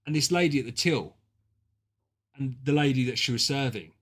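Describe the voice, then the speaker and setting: A British man streaming a drawing game, chatting casually with friends and reacting loudly to their guesses. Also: mid-range voice, normal speed. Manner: excitable, banter-heavy and sweary, reacting to guesses. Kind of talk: casual gaming stream chat.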